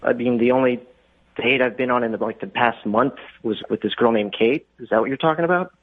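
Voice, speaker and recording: A man's voice: mid-range voice, a little fast. Puzzled man on a tinny phone line. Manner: puzzled, hesitant. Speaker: caller on the phone. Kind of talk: phone conversation.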